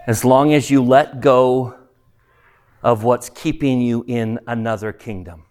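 A man preaching in a chapel, earnest and conversational, encouraging listeners to read a book. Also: mid-range voice. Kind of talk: sermon with book reading.

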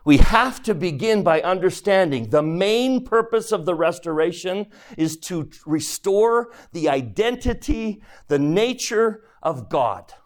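A man teaching a religion class, lecturing on scripture and posing questions to his listeners as he retells the story. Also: high voice.

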